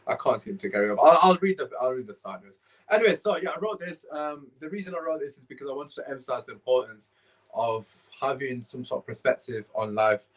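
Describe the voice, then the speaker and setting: A man's voice: medium pitch, animated, fast talker, low-quality recording. A man hosting a casual podcast, rambling and restarting while he searches his phone. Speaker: podcast host.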